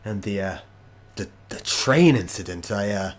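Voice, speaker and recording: A man's voice: fairly low pitch, lively intonation, a little slow. A man voicing a greedy, scheming male crime boss who swears and rants about lost money. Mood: bitter. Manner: angry then pleading, swearing.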